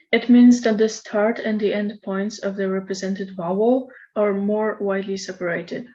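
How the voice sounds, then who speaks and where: A woman gives a recorded lecture presentation in a measured, explanatory manner. Her voice sits at a middle pitch, and the recording sounds slightly dull and lo-fi. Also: a little mellow.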